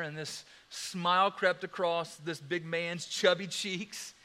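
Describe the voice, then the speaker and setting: A man preaching a sermon, telling a story in an animated, dramatic way. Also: sits high, measured pace, hardly any pauses.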